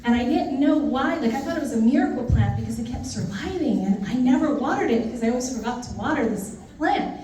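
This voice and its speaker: A woman in her thirties gives a heartfelt speech in a large indoor hall, heard from a distant microphone with heavy, echoing reverb. Her voice sits a little high but sounds mellow, and she moves between thanking people by name and telling light anecdotes. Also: expressive, fast, a little hiss or hum. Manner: heartfelt, lists names, tells light funny stories. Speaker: newly sworn judge giving a thank-you speech. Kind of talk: formal ceremony speech with personal anecdotes. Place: large indoor ceremony room.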